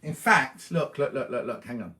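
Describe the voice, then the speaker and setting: A man's voice: mid-range voice, animated, moderate pace, pushed and bright. A middle-aged man hosting a live stream, chatting cheerily and answering viewers' comments as he reads them out. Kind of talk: casual live chat.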